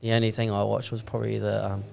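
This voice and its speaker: A young man shoots the breeze on a podcast, laid-back and slangy, cursing casually. His voice sits low with a gravelly edge. A faint hum of noise runs behind him. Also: flat delivery, quick pace, a little mellow. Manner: laid-back, slangy, swears a lot, ends lines with "eh". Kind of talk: casual chat.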